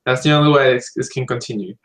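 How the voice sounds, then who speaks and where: A man co-hosting a film podcast, thinking out loud eagerly and changing his mind as he goes. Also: medium pitch, quick pace, poor audio. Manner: eager, thinks aloud, flips ideas. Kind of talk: casual chat.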